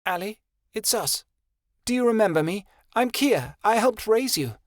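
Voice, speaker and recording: Man doing a young fairy woman, fierce, sharp-tongued, raised pitch, lively swings, dry close sound. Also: measured pace, no echo. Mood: coaxing.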